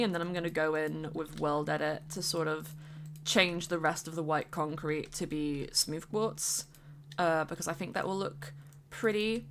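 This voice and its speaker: A woman's voice: on the low side, a bit bright. A woman streamer chatting casually while she builds in a game, rambling on with fillers and bits of humming.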